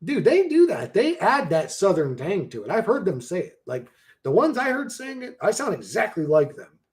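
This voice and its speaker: Slangy man in his forties, higher voice. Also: huge pitch swings, moderate pace, darkish tone. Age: 40s. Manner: slangy, profane, laughing often. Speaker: livestreamer. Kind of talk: casual livestream chat.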